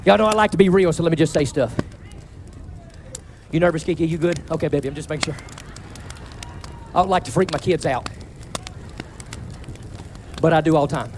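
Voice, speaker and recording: A pastor in his forties preaching a fiery, defiant sermon in a large tent, often shouting. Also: a little high, fairly quick, long pauses, background noise. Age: 40s. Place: large tent before a congregation.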